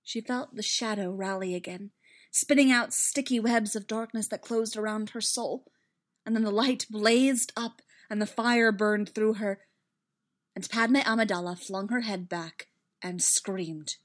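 A woman narrating a fan-fiction story aloud in an expressive, dramatic reading. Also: medium pitch, unhurried.

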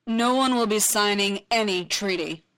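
A woman's voice: mid-range voice, normal speed, a bit bright, lightly acted, rough recording. A woman voicing a stern, commanding male Jedi master who speaks formally and firmly. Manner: formal, firm.

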